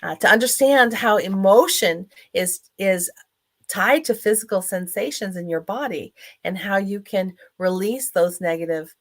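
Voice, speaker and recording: A woman's voice: medium pitch, measured pace. A woman in her fifties, an author and speaker giving a motivational talk online, telling her story earnestly with many fillers.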